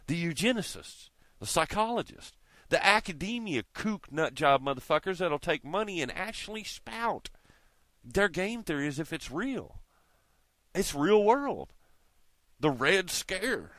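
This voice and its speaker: A man with a high, swooping voice rants straight into the mic, swearing at every turn and hammering the same points again and again. The sound is close and dry, with no room around it. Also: big pitch swings, a little slow, fairly bright tone, dry recording. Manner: emphatic, swears constantly, repeats himself. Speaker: video blogger. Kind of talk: profane ranting monologue.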